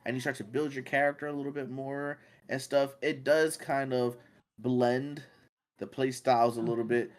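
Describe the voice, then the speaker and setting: A man co-hosts a casual gaming podcast in a mid-range voice at a moderate pace. He rambles, leaning heavily on fillers and restarts, and gets animated when excited.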